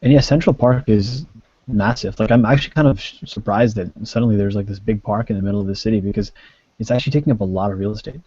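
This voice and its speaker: A man with a lowish, mellow voice chats on a video call, packing his speech with "like" and fillers. The sound is dry and close, with dull lo-fi audio. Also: quick pace, breathy edge, no room sound. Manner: chatty, filler-heavy, many likes. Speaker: co-host. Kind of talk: casual video-call discussion.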